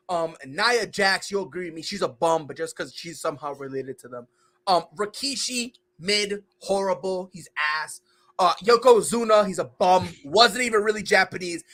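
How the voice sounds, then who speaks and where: A man's voice: high voice, pushed and bright. A man hosting a casual sports podcast, ranting and joking about wrestling and basketball. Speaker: podcast host.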